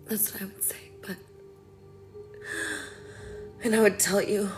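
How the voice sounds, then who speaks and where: A mother pouring out an emotional monologue to her absent son, halting and often dropping to a whisper. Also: medium pitch, fairly even intonation, music in the background.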